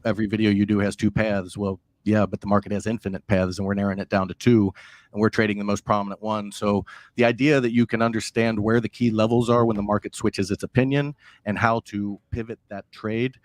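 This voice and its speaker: A man appearing as a guest trader on an interview show, explaining his approach in a steady, earnest way. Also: lowish voice, no echo. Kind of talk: interview answers.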